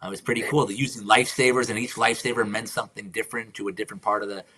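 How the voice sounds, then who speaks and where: A man hosting a live stream, talking casually and reflectively about faith and life, sometimes slipping into soft whispered affirmations. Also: lowish voice, steady tone, very fast, breathy edge. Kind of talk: casual spiritual chat.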